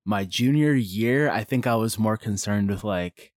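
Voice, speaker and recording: A young man chatting on a podcast in a low voice. He talks in a rambling, self-deprecating way and leans on fillers. The sound is dry and close. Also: unhurried, dry recording. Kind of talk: casual chat.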